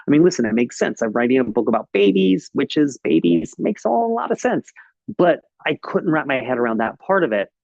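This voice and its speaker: A man's voice: medium pitch, no room sound. Chatty man telling a story, dull dry sound. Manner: lively storyteller, frequent "um" and "uh". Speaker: author giving a library talk. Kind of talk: casual presentation. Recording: slightly dull, dry recording.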